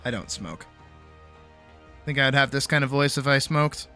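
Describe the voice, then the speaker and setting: Male streamer, late-night casual chat, worn out with a sore jaw, bright forceful tone, loose and sweary, soft music under the desk mic. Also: medium pitch, a little slow. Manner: rambling, swears freely, self-mocking. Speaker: streamer and animator. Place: home streaming setup.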